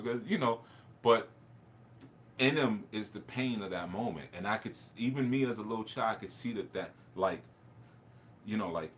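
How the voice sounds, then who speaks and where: A man's voice: on the low side, normal speed, a bit bright, slight background noise. A man, a spiritual teacher, telling a personal story in a rambling, reflective way, with laughs and restarts.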